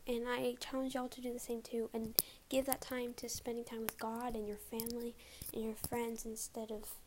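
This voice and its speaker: A young woman leading a spoken prayer for her viewers, earnest and breathy, half-whispering and a little out of breath. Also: fairly high pitch, background noise. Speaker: Christian vlogger. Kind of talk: spoken prayer and closing message.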